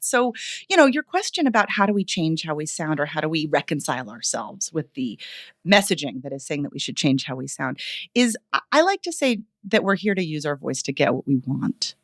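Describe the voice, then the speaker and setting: Casting: expressive woman vocal coach, lowish voice that swoops freely, dry close sound. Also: fairly quick, dry recording. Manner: expressive, animated, playful ironic asides. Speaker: vocal coach and author, guest. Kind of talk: podcast interview.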